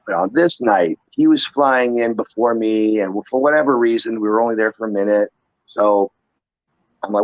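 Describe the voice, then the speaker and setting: A middle-aged man, a pro wrestler, telling a wild road story as a guest, animated and profane. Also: lowish voice, moderate pace, no echo, muffled recording. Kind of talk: casual storytelling interview.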